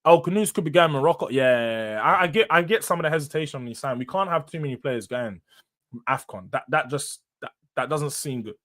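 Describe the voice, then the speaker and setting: A man's voice: a little high, lively intonation, a little fast, fairly bright tone. A young man with a London accent hosting a casual football live stream, bantering with the chat in slang. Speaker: host.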